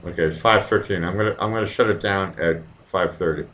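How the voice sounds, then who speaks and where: A man's voice: low voice, a little fast. A man, ranting profanely while chatting live with viewers and reading their comments. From Massachusetts, near Boston. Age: 40s. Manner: profane, rambling and ranting, swings from mumbling to loud outbursts. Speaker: live stream host.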